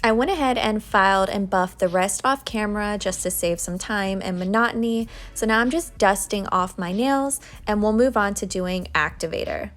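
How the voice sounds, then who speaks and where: A woman's voice: mid-range voice, normal speed, hardly any pauses, fairly bright tone. A young woman doing a casual nail tutorial voice-over, chatty and friendly, laughing now and then. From United States. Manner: chatty, laughs while telling stories.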